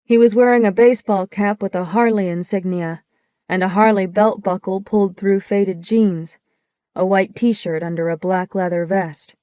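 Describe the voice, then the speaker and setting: A woman reads a first-person audiobook in a measured, descriptive manner. Her mid-pitched voice is steady, mellow and clean, captured close and dry on a studio mic with no room echo.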